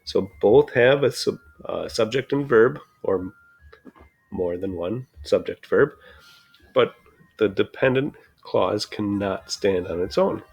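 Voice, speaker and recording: A man teaching a recorded grammar lesson, explaining slowly and patiently with frequent pauses. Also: fairly low pitch, animated, vocal fry, darkish tone, breathy edge, lo-fi sound.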